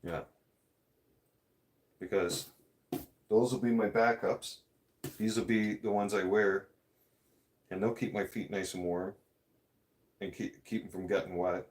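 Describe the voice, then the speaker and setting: A man with a somewhat low voice vents on camera in a loose, profane rant. He talks bluntly, circles back on himself and trips over his words as he goes. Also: steady tone, measured pace, pauses often, darkish tone. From Canada. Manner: blunt, profane, rambling with restarts. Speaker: vlogger. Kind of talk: ranting vlog.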